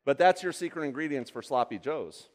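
A man's voice: fairly high pitch, brisk. A man giving a live cooking demonstration, chatty and rambling, often asking the audience questions. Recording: long hall reverb.

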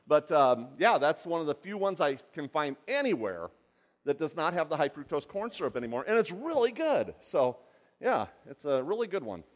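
A man's voice: a little high, big pitch swings, normal speed. A man giving a live cooking demonstration, chatty and rambling, often asking the audience questions. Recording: long hall reverb.

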